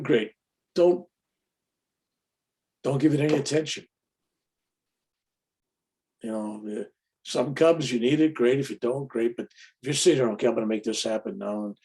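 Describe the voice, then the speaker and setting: A man's voice: on the high side, vocal fry, a little mellow. A man giving an informal, plainspoken spiritual talk, often acting out other people's voices. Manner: casual, plainspoken, acts out quoted voices. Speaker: spiritual teacher.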